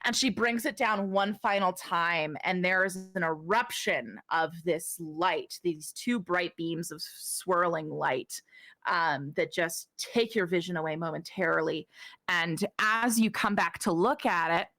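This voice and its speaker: A woman narrating a tabletop game as game master, describing scenes slowly with many fillers. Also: on the low side, bright, forceful tone, dry recording.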